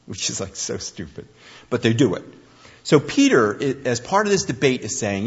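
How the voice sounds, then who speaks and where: A man preaching a conversational sermon, telling the story with animated, acted-out speech. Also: on the low side, measured pace, vocal fry, slightly rough. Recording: dull lo-fi recording.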